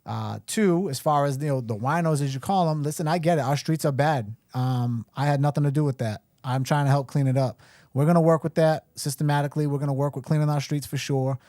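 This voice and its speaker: A man's voice: on the high side, fairly quick, a little mellow, no echo, clean studio sound. A middle-aged man running for mayor, answering a caller bluntly and firmly on a live show. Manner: blunt, firm, indignant. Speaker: mayoral candidate, guest.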